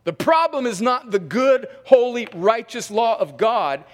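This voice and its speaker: High-voiced man preaching a sermon. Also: animated, a little slow, big-room sound. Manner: emphatic, repeats words while rephrasing; reads scripture aloud and comments between verses. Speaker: pastor. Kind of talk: expository sermon.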